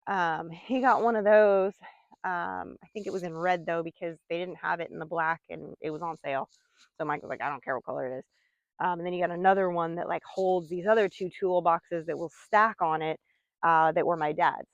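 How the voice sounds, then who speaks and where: A woman's voice: lowish voice, fairly even intonation, normal speed, no echo, highs cut off. Chatty woman rambling through farm chores. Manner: rambling, chatty, coos softly to her animals. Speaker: vlogger. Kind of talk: casual chat. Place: farm, outdoors.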